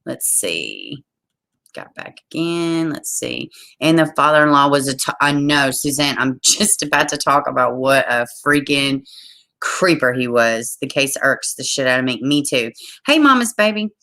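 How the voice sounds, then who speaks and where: Brief: Southern woman, tired, very deep voice, true crime livestream host who reads aloud and chats with the viewers. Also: animated, a little slow, sharp tone. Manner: reads a case aloud, trails off and greets viewers. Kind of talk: reading aloud and chatting on a livestream.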